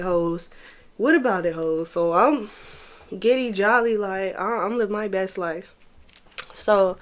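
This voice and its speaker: Animated young woman telling a storytime. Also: medium pitch. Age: young adult. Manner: animated, profane, talks straight to viewers. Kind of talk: casual storytime vlog.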